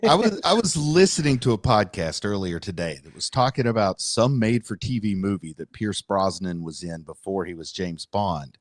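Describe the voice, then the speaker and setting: A man's voice: fairly low pitch, lively intonation, moderate pace, hardly any pauses, dry recording, clean studio sound. A middle-aged man co-hosting a casual movie podcast, wry and joking. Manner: wry, joking, does silly voices. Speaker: podcast co-host.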